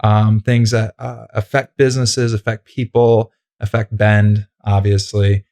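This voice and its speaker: A man's voice: fairly low pitch, level tone, measured pace, a little mellow. A man hosting a casual interview podcast, talking in a loose, rambling way with many fillers. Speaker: podcast host.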